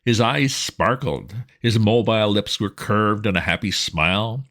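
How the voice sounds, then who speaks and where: A man narrating a classic comic novel in a dry, expressive reading style. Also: lowish voice, a little slow. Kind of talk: audiobook reading.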